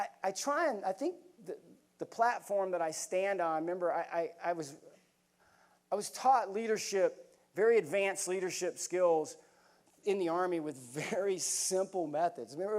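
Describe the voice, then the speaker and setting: High-voiced man giving a talk. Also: lively intonation, moderate pace. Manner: storytelling, earnest and folksy, addresses crowd as y'all. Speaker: keynote speaker. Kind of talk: motivational speech. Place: conference hall.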